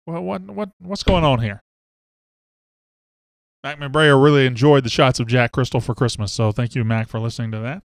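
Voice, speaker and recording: A man's voice: medium pitch, normal speed, gravelly, dry recording, clean studio sound. A man, hosting a casual live sports talk show and greeting viewers by name and hometown. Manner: chatty, reads out viewer names and hometowns.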